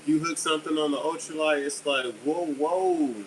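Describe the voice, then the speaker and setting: A man's voice: on the high side, fairly quick, recorded from a distance. A middle-aged man hosting a casual live stream, chatty and upbeat as he answers viewers' comments. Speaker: livestream host selling fishing jigs. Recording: steady air conditioner hum behind.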